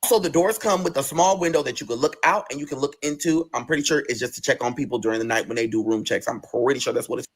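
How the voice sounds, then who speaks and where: Husky fast-talking man, profane and emphatic. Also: medium pitch. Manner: profane, emphatic, animated retelling. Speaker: storyteller recounting his own experience. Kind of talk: casual first-person storytelling.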